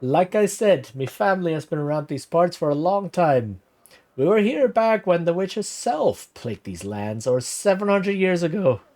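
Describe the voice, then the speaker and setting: A man's voice: medium pitch, normal speed, darkish tone, close to an everyday voice. A man voicing a boastful old male villager telling a witch tale, with theatrical, shifting put-on accents.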